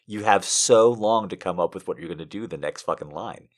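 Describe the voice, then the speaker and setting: A man streaming from home, reading poems and love letters aloud with slow drama, breaking off into chatty, profane asides. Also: low-pitched.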